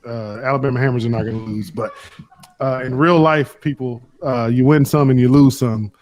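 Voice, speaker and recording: A man's voice: medium pitch, steady tone, moderate pace, a little mellow. A man hosting a casual show, joking and teasing his guests in slangy banter. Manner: joking, slangy, says "bro" often. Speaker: show host.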